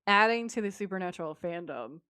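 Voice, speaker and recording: Woman podcast host recapping an episode, lowish voice, dry mic, chatty and animated. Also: fairly quick, smooth, no echo. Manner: lively retelling, quoting characters in her own voice. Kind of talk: casual recap chat.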